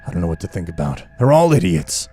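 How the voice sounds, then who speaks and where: A man voicing a gruff male warrior who mutters bitterly to himself. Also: sits low, sing-song, quick pace, warm tone, soft background music, voice pushed down, heavily acted.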